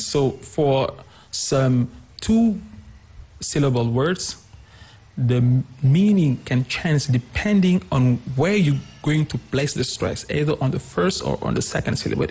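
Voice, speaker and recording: A man's voice: mid-range voice, darkish tone, husky. A man, an English teacher explaining pronunciation patiently in a radio interview and repeating example words.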